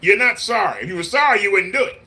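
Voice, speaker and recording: A man's voice: high-pitched, sing-song, fast, vocal fry, bright, forceful tone. A man, talking casually on a live stream in a preachy, repetitive, scolding way. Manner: mimics voices in quotes. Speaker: vlogger.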